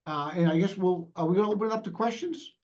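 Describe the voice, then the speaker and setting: A man presenting on a video call, talking fast and plainspoken, with many fillers. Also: sits high, darkish tone, lo-fi sound. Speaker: sheriff's department presenter.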